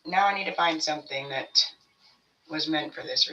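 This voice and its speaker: A woman's voice: deep voice, normal speed, pushed and bright, distant mic, a little hiss or hum, low-quality recording. A woman giving a casual spiritual tarot reading to her viewers, rambling and blunt, swearing freely as she talks. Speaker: tarot reader.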